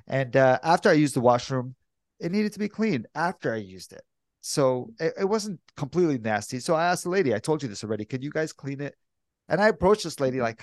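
A man's voice: fairly high pitch, lively intonation, fairly quick, no room sound. A man co-hosting a casual podcast, telling stories in a hesitant, self-doubting way. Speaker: podcast co-host. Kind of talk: casual chat.

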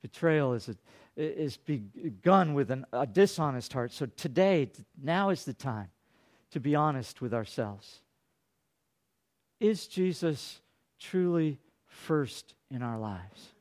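A male pastor preaching a sermon, dropping to hushed tones and rising to loud, dramatic peaks. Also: animated, slow pace. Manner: dynamic, swinging from hushed to booming.

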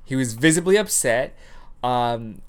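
A man hosting a casual chat, animated and profane, who laughs often and acts out what others said. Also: mid-range voice, a little slow, smooth.

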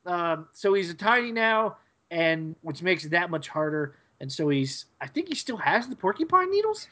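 A man's voice: sits high, big pitch swings, normal speed, sharp tone. Rambling man recapping an episode. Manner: rambling, hesitant, lots of fillers. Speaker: podcast co-host.

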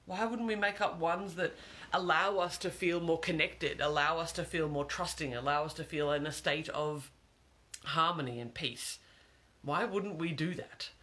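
A man's voice: on the high side, pushed and bright. A man giving an earnest, reflective monologue, repeating phrases for emphasis.

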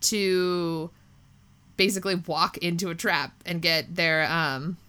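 Casting: bright, forceful woman, lively co-host voice, recaps scenes with playful quoted lines. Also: lowish voice, slow, clear, resonant tone. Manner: animated, acts out quotes from scenes. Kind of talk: casual chat.

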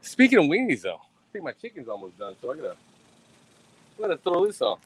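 A man's voice: fairly high pitch, huge pitch swings, fast talker, slightly rough. A young man, ranting on a livestream in a boastful, profane, swaggering way. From Texas. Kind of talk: casual rambling livestream rant. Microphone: streaming mic.

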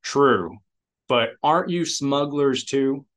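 Han, a wry, impatient starship captain who talks in a dry, bargaining manner and pushes to get his way , as a man reading aloud plays him. He keeps an unhurried, deliberate edge. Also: mid-range voice, animated, fairly bright tone.

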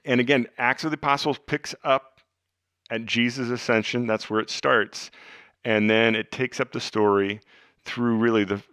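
A man hosting a podcast, teaching the Bible in an earnest, conversational way, dropping to hushed tones for emphasis. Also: mid-range voice, fairly even intonation, normal speed, no echo, studio quality. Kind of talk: casual teaching talk.

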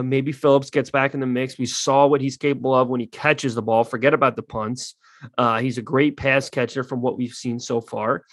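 A man's voice: mid-range voice, fairly bright tone, no room sound. A man ranting bluntly in casual sports talk, swearing freely and getting heated. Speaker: podcast co-host.

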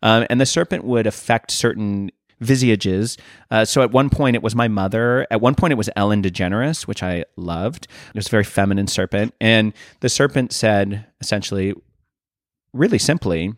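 Earnest male guest, animated storyteller, lower voice, dry close sound. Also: normal speed, no echo. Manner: animated, earnest, swears casually. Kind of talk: casual storytelling.

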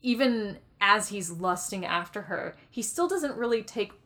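A woman co-hosting a podcast in casual chat, enthusiastic and quick to restart her sentences. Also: medium pitch, expressive, fairly bright tone. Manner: enthusiastic, frequent restarts and stammered repeats. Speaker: podcast co-host.

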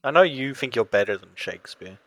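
An Australian man co-hosting a podcast in casual chat, playful and quick to laugh. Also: medium pitch, lively intonation, a bit bright, no room sound. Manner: laughs easily, playful banter. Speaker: podcast co-host.

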